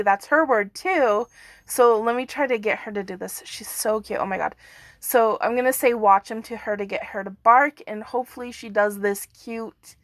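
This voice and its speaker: A woman's voice: medium pitch, dry recording, studio quality. A woman giving a casual, rambling video update as an earthquake forecaster, with many fillers.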